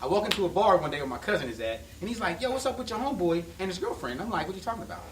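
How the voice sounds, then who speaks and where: A man, a podcast guest, telling stories in a casual, animated way and often breaking into laughs. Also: high voice, rapid-fire, a little hiss or hum. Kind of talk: casual storytelling. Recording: roomy, distant mic with faint ambience.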